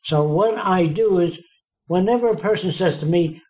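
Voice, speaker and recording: A man with a high-sitting, darkish voice talks at a moderate pace. He's telling conversational stories in an interview, blunt and folksy, performing the lines people said to him. The sound quality is dull and lo-fi.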